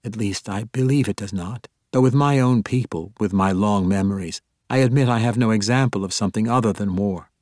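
A man voicing a proud elf priestess woman in an audiobook, speaking in a measured, solemn and formal way. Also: fairly low pitch, a little mellow, dry recording, studio quality, close to an everyday voice.

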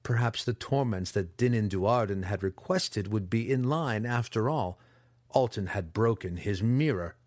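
A man narrating a fantasy audiobook in an expressive, dramatic storytelling style on a close mic. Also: lowish voice, unhurried, no echo.

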